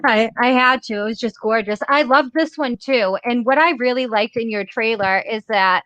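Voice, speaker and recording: A woman's voice: on the high side, moderate pace, fairly bright tone, muffled recording. A woman host with a Massachusetts accent, chatting enthusiastically in a casual interview and laughing often.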